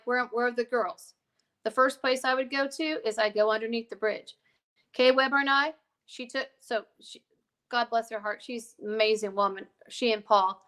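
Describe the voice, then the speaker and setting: A woman's voice: a little high, a bit bright, clean tone. A woman guest in a casual talk, explaining things in an emphatic, digressive way with many asides. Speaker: podcast guest. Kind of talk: casual conversational storytelling.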